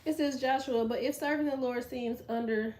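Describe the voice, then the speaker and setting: A woman with a slightly high voice talks to her live viewers in a casual, blunt way. She speaks, laughs often and reads their comments aloud. Her delivery is loose and chatty, like an informal stream. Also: fairly even intonation, moderate pace, a little mellow, slight background noise. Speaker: tarot live stream host.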